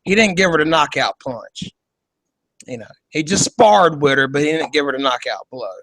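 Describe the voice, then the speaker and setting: A man with a high voice hosts a podcast over a video call and riffs on politics in a loose, profane, joking way. He rambles and restarts as he talks, and the sound is close and dry with no room around it. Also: expressive, normal speed, fairly bright tone, dry recording, rough recording. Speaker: podcast host. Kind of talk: casual political commentary.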